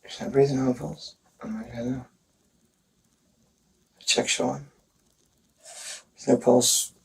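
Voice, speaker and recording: A man recounting events in a police interview, speaking haltingly and hesitantly with many pauses. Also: medium pitch, little pitch movement, creaky. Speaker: murder suspect in a police interview. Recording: distant interview recording with faint noise.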